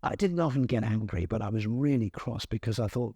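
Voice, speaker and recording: Brief: older male storyteller, low, mellow, slightly husky, dry close sound, chatty and amused. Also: a little fast, hardly any pauses, no room sound. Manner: chatty, amused, with frequent restarts. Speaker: veteran TV presenter. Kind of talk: anecdotal storytelling.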